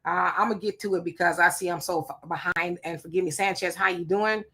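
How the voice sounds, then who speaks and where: A woman's voice: fairly low pitch, fairly even intonation, brisk, pushed and bright, husky. A woman hosting a casual livestream, greeting viewers by name and chatting about their comments with rhetorical questions and asides. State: sweating. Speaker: livestream host.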